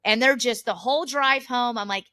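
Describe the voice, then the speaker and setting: Bright-voiced woman telling stories. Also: a little high, moderate pace, no room sound, clean studio sound. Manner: animated storyteller, laughs often. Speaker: podcast co-host. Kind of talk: casual family chat.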